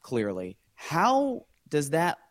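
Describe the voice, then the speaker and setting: A man's voice: fairly high pitch, huge pitch swings, takes it slowly, no echo, clean studio sound. A man as a guest on a podcast, building his questions step by step in a thoughtful way. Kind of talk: podcast conversation.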